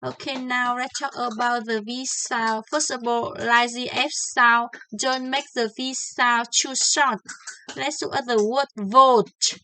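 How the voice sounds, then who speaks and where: A woman teaching English pronunciation, slowly and deliberately, repeating each example word several times. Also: a little high, steady tone, bright, forceful tone, a little hiss or hum, rough recording. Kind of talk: slow pronunciation lesson with drilled example words.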